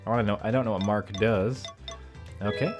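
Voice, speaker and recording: A man's voice: on the low side, fairly even intonation, fairly quick, over music. Chatty man doing game commentary. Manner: chatty, thinks out loud, rambling asides. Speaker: gameplay YouTuber. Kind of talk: casual let's-play commentary.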